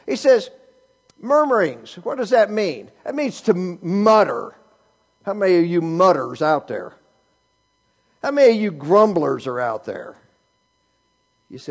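A man's voice: sits high, sing-song, slow pace, pauses often, breathy edge. A male pastor preaching a sermon, asking the congregation rhetorical questions and teasing them with humor.

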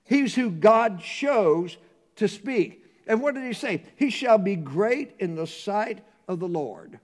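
A man preaching a sermon, reading scripture slowly and swinging from hushed tones to loud emphasis. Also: high voice, lively intonation. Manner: reads scripture in a slow, measured cadence.

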